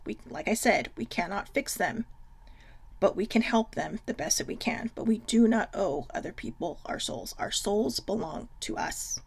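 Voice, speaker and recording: Chatty gravelly-voiced woman vlogger. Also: mid-range voice, animated, normal speed. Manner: chatty, frank, swears freely. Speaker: host. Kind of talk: casual self-love livestream talk.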